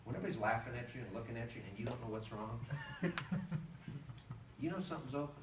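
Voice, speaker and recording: A man's voice: medium pitch, fast talker. A man giving a humorous motivational talk to an audience, telling stories and acting out voices. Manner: animated storytelling, acts out voices. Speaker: public speaker. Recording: echoey hall from far off, noisy.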